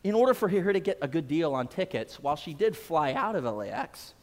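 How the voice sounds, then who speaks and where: High-voiced man preaching in a reverberant hall. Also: sing-song, a little fast, darkish tone. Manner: conversational, repeats phrases, frequent "uh" fillers. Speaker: pastor. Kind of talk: sermon storytelling. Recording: long reverb of a large hall.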